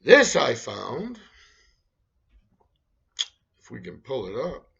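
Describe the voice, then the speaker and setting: A man's voice: medium pitch, wildly swooping pitch, takes it slowly, vocal fry, bright, forceful tone, breathy edge, lo-fi sound. A man hosting his own show, talking through the news in a rambling, sarcastic monologue. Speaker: host. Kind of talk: casual monologue reading news.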